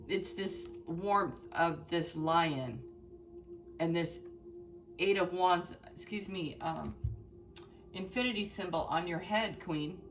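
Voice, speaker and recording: A woman's voice: lowish voice, slow pace, pauses often, recorded from a distance, music in the background. A woman giving a heartfelt, emotional tarot reading, speaking straight to her viewers with many fillers and restarts. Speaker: tarot reader.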